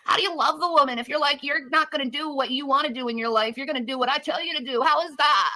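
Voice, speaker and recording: A woman's voice: high voice, quick pace, pushed and bright, dry recording. A woman ranting in a whiny, mocking voice in a clip played from a video. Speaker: video subject. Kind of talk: ranting monologue.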